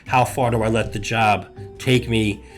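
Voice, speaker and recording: A middle-aged man, a hospital executive, talking earnestly and at a measured pace about balance on a podcast, building his points in short listed phrases. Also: on the low side, little pitch movement, faint music behind. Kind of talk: reflective podcast talk.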